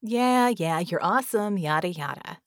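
A woman's voice: mid-range voice, animated, a little slow, no room sound. A cocky magical heroine taunts her enemy with smug self-assurance, as a woman reader acts her out. She sounds like an audiobook fighter in full command. The recording is dry and close. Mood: taunting.

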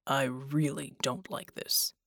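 A woman reading the part of a stern male team leader in an audiobook, speaking in a grave, formal, measured way. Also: extremely low pitch, steady tone, gravelly, fairly bright tone, no echo, studio quality, pitched below the performer's own voice, full character voice.

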